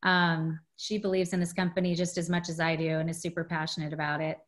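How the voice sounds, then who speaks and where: A woman's voice: lowish voice, little pitch movement, fast. A woman, a guest in a casual interview, talking earnestly with many "you know" fillers.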